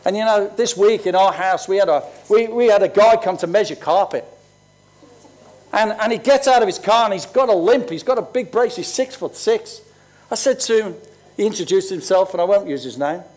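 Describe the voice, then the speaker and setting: Older pastor in his sixties, high-pitched, chatty storytelling sermon. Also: moderate pace, darkish tone. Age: 60s. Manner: conversational, storytelling preacher. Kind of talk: sermon with personal stories.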